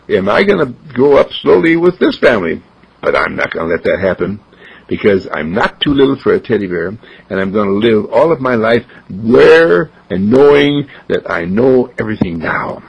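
A man voicing a newborn boy who speaks as a calm, wise being, in a gravelly, husky voice. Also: lowish voice, heavily acted. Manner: calm, reflective, confiding. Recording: dull lo-fi recording.

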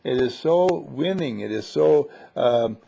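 A man with a gravelly, husky voice talks in a loose, rambling, playful way, stopping and restarting as he goes. His tone is dark and mellow, and the lo-fi recording sounds dull. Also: mid-range voice, animated, unhurried. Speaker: seminar leader. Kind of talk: casual group conversation.

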